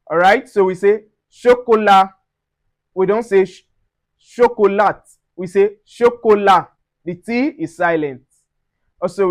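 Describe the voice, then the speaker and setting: Male French tutor with a French accent and a high voice. He teaches pronunciation and says every example word slowly and with care. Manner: repeats example words slowly and deliberately. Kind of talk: pronunciation lesson.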